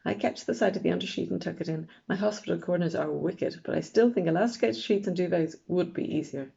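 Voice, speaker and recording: A woman reading a novel aloud in a wry, deadpan first-person narration, in a dull lo-fi recording. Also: fairly low pitch, quick pace, gravelly, breathy edge. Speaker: audiobook narrator.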